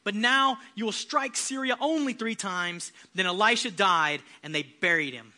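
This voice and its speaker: A male pastor preaching a passionate sermon, building to loud, emphatic shouts. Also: high-pitched, moderate pace.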